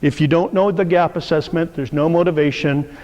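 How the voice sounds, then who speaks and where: A man's voice: a little high, steady tone, moderate pace, darkish tone, long reverb tail. A middle-aged man teaching a live sales workshop, telling stories and acting out the voices of the people in them. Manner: storytelling, acts out quoted voices. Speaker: sales coach.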